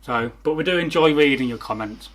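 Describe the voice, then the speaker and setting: A man's voice: on the high side, a little fast. A man co-hosting a casual comment-reading chat, with a dry, mocking sense of humour. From England. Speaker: co-host.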